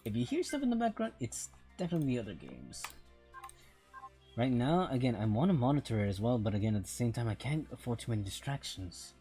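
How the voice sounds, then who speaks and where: A man's voice: medium pitch, very animated, fast talker, dark tone, faint music behind. A man streaming a mobile game, rambling through casual commentary and often repeating himself.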